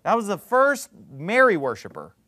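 A man's voice: sits high, wildly swooping pitch, moderate pace, bright, forceful tone. A man preaching a sermon, full of rhetorical questions and sarcastic jabs. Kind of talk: fiery street-preacher sermon.

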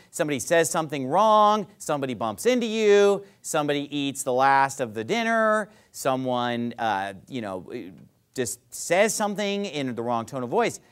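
Animated preaching man, lively pitch. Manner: animated preaching, rhetorical questions to the congregation; drops to a soft low voice to act out apologies. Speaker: pastor. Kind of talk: sermon.

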